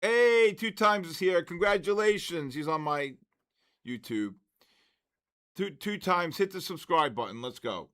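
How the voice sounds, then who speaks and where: In a slightly high, fairly bright voice that's a little slow and lively in intonation, a man in his sixties calls out viewer names on his trading livestream. He spells each one letter by letter, joking and exasperated.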